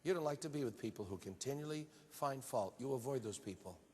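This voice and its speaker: A man preaching a sermon earnestly, building to emphatic high-pitched peaks. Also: expressive, a little fast, darkish tone, slightly rough. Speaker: pastor. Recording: long hall reverb.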